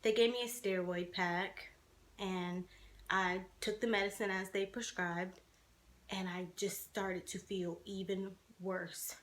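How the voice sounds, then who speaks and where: A woman's voice: mid-range voice, fairly even intonation, takes it slowly. A woman in her twenties telling her own life story to the camera, speaking candidly with many fillers and restarts. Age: 20s.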